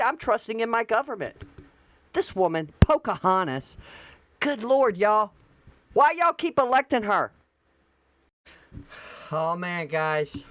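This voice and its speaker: A woman's voice: mid-range voice, sing-song, slow, long pauses, fairly bright tone. A woman hosting casual political commentary, blunt and exclamatory with folksy asides. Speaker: host.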